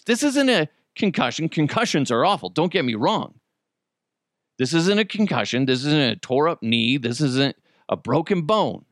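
A man hosting a solo commentary show, ranting with heavy swearing and swinging between loud outbursts and low muttered asides. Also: sing-song, moderate pace, dry recording, studio quality. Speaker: show host.

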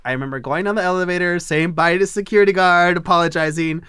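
A man in his twenties candidly telling a personal story on a talk show, profane and animated. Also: sits high, fast talker, clear, resonant tone, no echo, clean studio sound.

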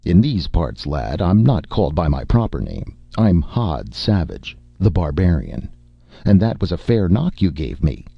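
Rumbling, gravelly barbarian warlord voiced by a male narrator, gruff but kindly; dull lo-fi audiobook sound. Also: sing-song, a little slow, dry recording, full character voice. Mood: gently gruff. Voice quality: deep rumbling voice. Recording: dull lo-fi recording.

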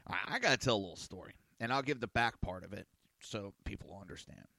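A man's voice: fairly low pitch, expressive, fast, gravelly, bright, forceful tone, no echo. A man hosting a small radio and online show, talking in a casual rambling monologue, often repeating words and cursing casually.

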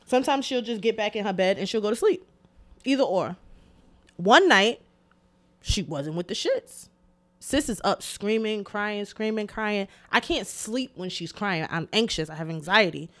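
A young adult woman telling a story in a casual podcast chat, animated, emphatic and full of profanity. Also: mid-range voice, moderate pace. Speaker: podcast co-host.

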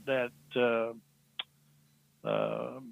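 A man, a podcast guest, telling a story in a halting, earnest way with many restarts. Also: mid-range voice, little pitch movement, creaky, dry recording. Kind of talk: storytelling in an interview. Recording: thin phone-like line, dry.

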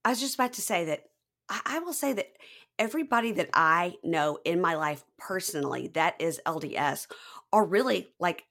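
Bright-voiced woman recapping a show. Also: lowish voice, normal speed. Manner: animated, acts out quoted people. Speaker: podcast co-host. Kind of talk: casual chat recapping a reality show.

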